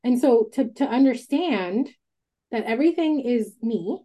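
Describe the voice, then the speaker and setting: Woman host, casual candid talk, higher-pitched and mellow, animated, curses freely. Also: a little slow. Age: adult with a child. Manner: emphatic, swears freely, animated storytelling. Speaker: podcast host.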